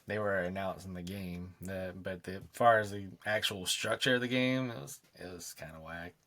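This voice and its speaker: Gravelly guy with a bright edge, pretty low voice, rambling through a story on a podcast. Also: steady tone, normal speed. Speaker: podcast co-host. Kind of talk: casual chat, storytelling.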